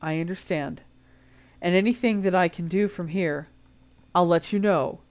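Woman reader doing a gentle, soft-spoken ex-teacher, measured, storybook read. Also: lowish voice, close to an everyday voice. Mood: quiet. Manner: quiet, measured. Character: quiet, gentle grown man, a former teacher.

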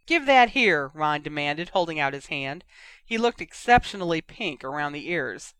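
A bright, crisp reader narrating a fan fiction story close to the mic. The delivery is lively, slipping into voices for the characters. The room sounds dry. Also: mid-range voice, moderate pace, no room sound. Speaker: audiobook reader. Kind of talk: fan fiction read aloud.

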